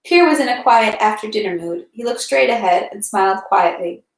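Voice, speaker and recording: A woman reading a classic novel aloud in a steady, clear storytelling manner, in an echoey room. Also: mid-range voice, brisk. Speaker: reader.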